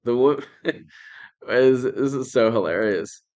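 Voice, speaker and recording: A man's voice: mid-range voice, slow pace, darkish tone, lo-fi sound. A man hosting a live political commentary stream, rambling, laughing often and thanking viewers by name.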